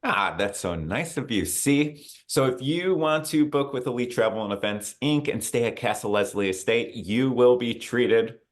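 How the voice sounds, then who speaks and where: A man hosting a casual travel interview. His speaking voice is mid-pitched, and he keeps things upbeat and chatty with a promotional tone. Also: expressive, moderate pace, hardly any pauses. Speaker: travel show host.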